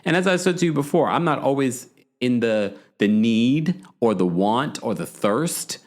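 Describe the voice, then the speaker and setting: A man hosting a reality TV recap podcast, telling the story in an animated, gossipy way and checking in with "okay?" asides. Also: mid-range voice, a little slow. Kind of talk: casual chatty recap.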